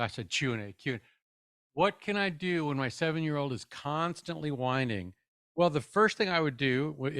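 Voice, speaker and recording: A man's voice: mid-range voice, fairly bright tone, smooth, no echo, studio quality. A middle-aged man giving a conversational parenting webinar, casual and upbeat, often tossing in "man".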